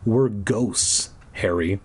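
Sad ghost girl, soft and mournful, slow husky voice, a guy reading her. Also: on the low side, pitched below the performer's own voice, full character voice. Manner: soft, sighing, mournful delivery.

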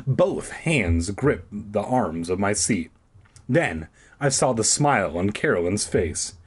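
Slow, sarcastic man reading aloud. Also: lowish voice, slightly rough. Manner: sarcastic, profane, deadpan. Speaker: audiobook reader. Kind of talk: comedic reading with crude asides.

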